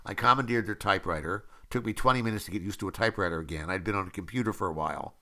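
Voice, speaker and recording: A man's voice: lowish voice, racing, bright, forceful tone. A man in his seventies, a screenwriter, giving an anecdotal film audio commentary with frequent fillers and acted-out quotes.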